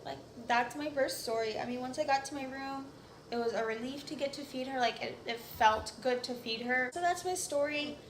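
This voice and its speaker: Chatty young woman, high voice. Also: normal speed, a little hiss or hum. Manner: chatty, many "like" fillers. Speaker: vlogger. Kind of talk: casual storytelling. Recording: echoey room.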